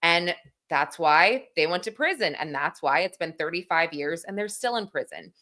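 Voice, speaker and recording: A woman's voice: on the low side, animated, normal speed, pushed and bright. A woman in her thirties hosting a livestream, chatting casually, reading comments aloud and laughing at herself. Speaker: livestream host.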